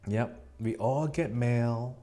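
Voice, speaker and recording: A man's voice: mid-range voice, takes it slowly, warm tone, faint music behind. A man talking casually in a rambling vlog, telling stories and acting out what other people said. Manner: chatty storyteller acting out quoted people in raised voices. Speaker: vlogger. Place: at home near a computer.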